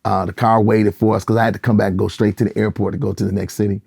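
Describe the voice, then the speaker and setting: A middle-aged gospel singer and pastor from Michigan tells stories very fast in a casual interview, his lowish voice edged with gravel. He becomes animated and acts out those he quotes. The recording is close and dry, with no echo or room sound.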